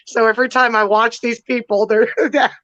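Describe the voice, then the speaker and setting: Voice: mid-range voice, level tone, moderate pace, fairly bright tone, dull audio. A co-host in a casual political livestream chat, talking loosely and laughing often.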